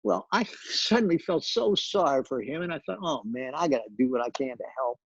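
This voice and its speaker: A man's voice: mid-range voice, very animated, fairly quick, slightly rough, no echo, dull audio. An older man, a television director, telling behind-the-scenes stories in an interview, full of restarts and repeated words. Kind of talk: storytelling interview.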